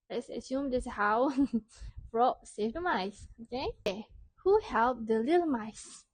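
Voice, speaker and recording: A woman teacher telling a story to young children, asking questions and praising answers clearly. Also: a little high, animated, unhurried, dry recording.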